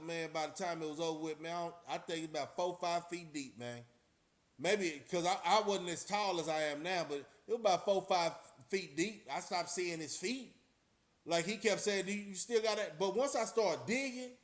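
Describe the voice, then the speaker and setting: A middle-aged man, telling a story from his youth to his viewers in a streetwise, profane way, often speaking to them directly. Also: a little high. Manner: streetwise, profane, talks straight to the audience. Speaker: channel host.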